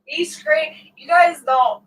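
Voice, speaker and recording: A woman's voice: sits high, slow, a bit bright. A middle-aged woman hosting a casual live stream, laughing often as she tells stories. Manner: laughs often while telling prank stories. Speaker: vlog host. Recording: distant mic, faint background noise.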